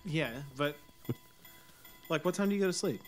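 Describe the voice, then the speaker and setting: A man in a casual gaming chat, throwing in quiet, teasing asides. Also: fairly high pitch, normal speed, soft background music.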